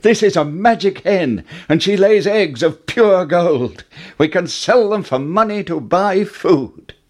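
A man voicing an eager young boy hero in a storybook reading, raising his voice high. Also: expressive, slow pace, a little mellow, heavily acted. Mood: excited.

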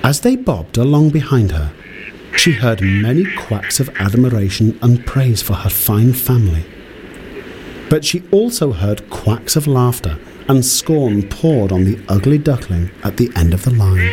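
A man narrating a children's fairy tale in a calm, measured storytelling voice. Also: mid-range voice, background noise.

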